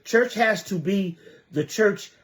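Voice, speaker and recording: A high-pitched man from New Jersey speaks straight to his viewers in an impassioned livestream monologue. He hammers his points home by repeating rhetorical questions again and again, with a community advocate's urgency. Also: takes it slowly, a bit bright. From Trenton area, New Jersey.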